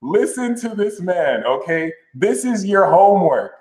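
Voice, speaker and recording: A man hosting a casual astrology livestream, talking loosely and playfully. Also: a little slow. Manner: animated, jumps into high sassy mock voices. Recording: roomy echo.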